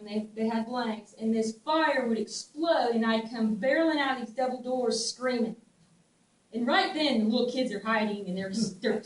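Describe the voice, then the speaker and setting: A middle-aged woman with a Southern US twang, telling stories in a casual, animated way, laughing often and restarting her sentences. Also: on the high side. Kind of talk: casual storytelling. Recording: echoey room, distant mic, faint ambient noise.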